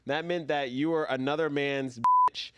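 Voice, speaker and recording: A young man whose voice sits a little high, recorded dry and close. He co-hosts a casual chat and mostly chimes in with short agreements, questions and quick remarks. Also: fairly even intonation, bright, forceful tone, smooth, no echo. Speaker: podcast co-host.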